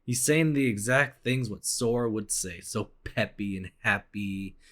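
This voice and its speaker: Man, low voice, joking game commentary, playful. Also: a little slow, a bit bright. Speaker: let's play commentator. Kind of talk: playing a story game and reading it aloud.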